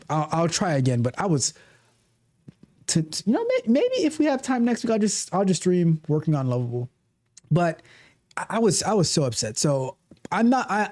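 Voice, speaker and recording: Mellow-voiced man chatting on a livestream. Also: a little high. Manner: animated, repeats and restarts phrases. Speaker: livestream host, coding coach. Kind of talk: casual livestream chat, reading viewer comments.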